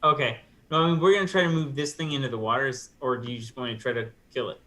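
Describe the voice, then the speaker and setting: A man playing a tabletop game, talking casually and hesitantly with many pauses. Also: medium pitch, steady tone, bright, forceful tone. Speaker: player.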